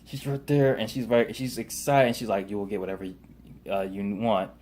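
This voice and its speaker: A man with a fairly low voice gives a loose, rambling recap of a TV episode. He leans heavily on fillers and restarts, and retells scenes through quick paraphrased quotes. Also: a little mellow. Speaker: TV show reviewer.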